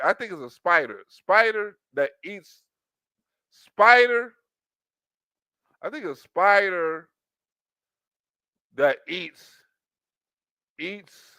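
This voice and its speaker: High, bright-voiced man riffing crudely. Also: smooth, no room sound. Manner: crude, rambling storytelling full of acted-out quotes; stammering restarts. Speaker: online show host. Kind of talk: casual comedic riffing.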